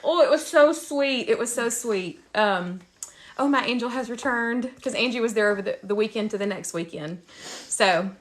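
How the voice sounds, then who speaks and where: A woman, a nurse chatting casually on a livestream, animated and quick to laugh. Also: mid-range voice. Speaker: ICU nurse and show host.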